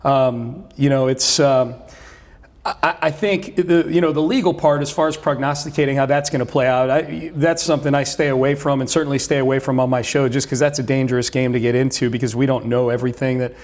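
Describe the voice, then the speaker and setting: A man's voice: mid-range voice, steady tone, fairly quick. A middle-aged man who hosts sports radio, guesting in a casual chat and talking at length with many restarts. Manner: talkative, many restarts and fillers.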